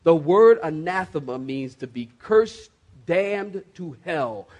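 High-voiced emphatic male preacher. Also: animated, takes it slowly, darkish tone. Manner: emphatic call-and-response preaching, swift asides. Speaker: pastor. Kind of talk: sermon.

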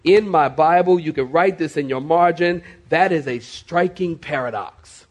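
A male pastor, preaching a sermon to his congregation with emphatic, slowly stressed words. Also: a little high. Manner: emphatic, dramatic slow stresses, addresses the congregation. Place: church before a congregation.

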